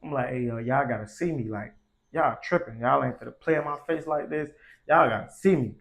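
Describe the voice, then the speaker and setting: A man's voice: medium pitch, brisk, vocal fry. Slangy young man telling a story. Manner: slangy, profane, heated retelling. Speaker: vlogger. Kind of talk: casual storytelling.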